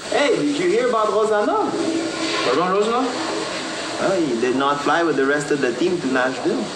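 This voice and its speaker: A man's voice: a little high, lively intonation, moderate pace, lightly acted. A man playing a hockey player in a TV drama, swapping casual locker-room gossip. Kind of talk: TV drama dialogue. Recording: roomy clip with loud background noise.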